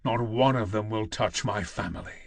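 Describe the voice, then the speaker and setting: A man's voice: on the low side, normal speed, no room sound, pitched below the performer's own voice. A man voicing a grim, vengeful older male warrior in an audiobook, speaking with defiant intensity. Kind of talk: audiobook character voice.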